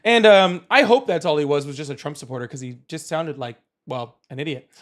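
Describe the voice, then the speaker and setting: A man's voice: fairly high pitch, brisk, a bit bright. A young man hosting a live call-in political stream, talking casually and mocking his callers with sarcasm.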